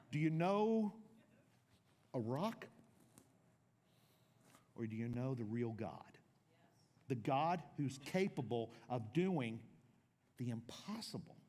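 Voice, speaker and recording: An older man, the pastor of his church, preaching a sermon and swinging between loud declarations and low asides.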